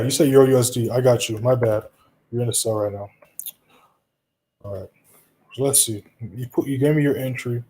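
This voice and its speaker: Dark-voiced man streaming casually. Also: mid-range voice, normal speed, long pauses. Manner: relaxed, reassuring, talks straight to viewers with frequent "you know" and "right?". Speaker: live trading streamer. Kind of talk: casual live-stream commentary answering chat.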